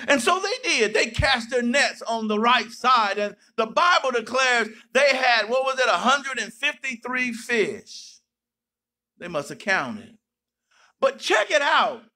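A man pastor preaching a sermon, breaking into sudden shouts and playful asides. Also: very high voice, sing-song, a little slow.

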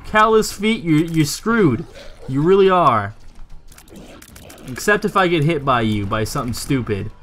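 A young man commentating his own game play, joking, swearing and talking back to the game, his voice jumping high when he gets irritated. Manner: excitable, swings into high yelps when irritated; jokey, swears, talks to the game. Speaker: gaming YouTuber.

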